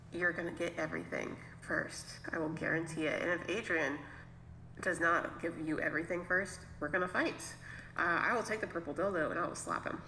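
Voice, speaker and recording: A woman's voice: on the low side, gravelly, pushed and bright. A woman co-hosting a casual podcast chat, jokey and rambling, putting herself down. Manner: jokey, rambling, self-deprecating. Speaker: podcast co-host. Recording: echoey room, faint noise.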